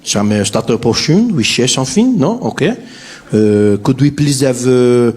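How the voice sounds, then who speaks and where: A man voicing a hesitant grown man ordering food, speaking haltingly with many pauses. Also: medium pitch, lively intonation, darkish tone, slightly rough, pitched below the performer's own voice. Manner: slow, halting, full of uhs.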